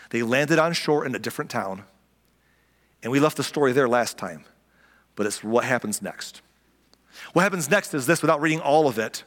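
A man with a fairly high voice delivers a relaxed, conversational sermon. He retells the story in everyday speech and slips into quick acted lines for the people in it. The long reverb of the church hall trails behind every phrase. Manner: conversational, acts out the characters' lines. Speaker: pastor. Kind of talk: casual sermon.

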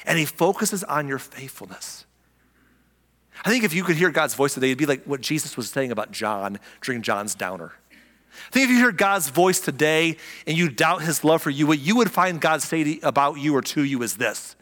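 A man preaching a sermon as pastor, animated and conversational, repeating key lines for emphasis. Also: a little high, moderate pace, big-room sound.

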